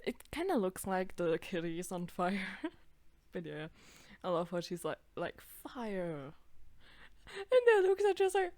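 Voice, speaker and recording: Lively sweary young woman reacting. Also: mid-range voice, normal speed, no echo. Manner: sweary, laughing, reads character lines in put-on voices. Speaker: YouTuber reacting to her old videos. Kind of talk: casual reaction commentary.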